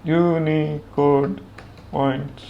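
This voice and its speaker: A man with a fairly high voice walks through a coding tutorial at his own pace. He explains in a plain, conversational way, often pausing on "uh" and "um" while he types and checks the results. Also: level tone, vocal fry, muffled recording, slight background noise. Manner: thinks aloud with many "uh" fillers and pauses while typing. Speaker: programming instructor. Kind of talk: screen-recorded coding tutorial.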